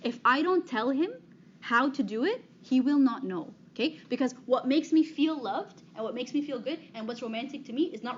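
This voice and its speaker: A fairly high-voiced woman in her thirties speaks to a live audience. She is chatty and frank, with a habit of checking in with "okay?" The recording sounds a little muffled, with a faint hiss of noise behind her. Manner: frequent "okay?" check-ins, conversational and direct. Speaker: speaker giving a talk on dating. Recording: slightly dull, faint background noise.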